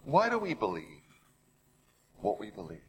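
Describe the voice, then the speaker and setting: A man's voice: fairly low pitch, wildly swooping pitch, unhurried, a little hiss or hum, low-quality recording. Man preaching with rhetorical questions. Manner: dramatic storytelling, rhetorical questions, drops to a hush. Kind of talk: sermon.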